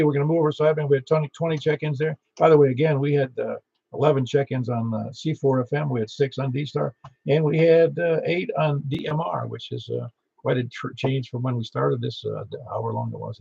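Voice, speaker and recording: A man's voice: mid-range voice, a little fast, vocal fry, mellow, slightly rough, dry recording. A man with a Middle Tennessee accent running an amateur radio net, chatting in a joking, folksy way. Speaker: net control operator. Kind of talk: ham radio net chat. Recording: lo-fi radio transmission.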